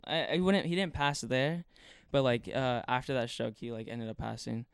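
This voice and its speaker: A man's voice: medium pitch, fairly even intonation, moderate pace, vocal fry, clean tone, no room sound, clean studio sound. A young man telling a story in casual talk, rambling with lots of fillers and swearing. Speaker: podcast guest.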